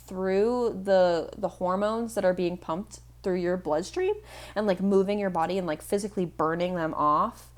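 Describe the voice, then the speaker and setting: A young woman vlogger in earnest, rambling voice-over chat, full of "like" fillers. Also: on the low side. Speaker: art vlogger.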